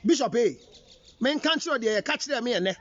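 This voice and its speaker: A relationship counselor with a Ghanaian accent lectures at normal speed in English mixed with Twi, his very high, expressive voice swooping up and down. He is emphatic and scolding, pressing listeners with pointed rhetorical questions. The recording is dull and lo-fi.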